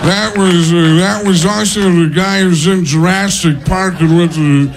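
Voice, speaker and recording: A man's voice: sits high, steady tone, a little slow, vocal fry, noisy background. A man stammering as he explains a joke during a comedy bit. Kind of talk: stand-up bit. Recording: live club with loud crowd.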